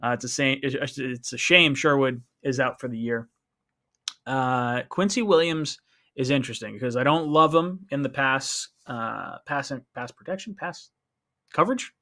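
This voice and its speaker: Animated man hosting a fan live stream. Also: mid-range voice, normal speed. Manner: animated, rambling, many restarts and "like". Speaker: host of a fan call-in stream. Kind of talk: casual live-stream commentary.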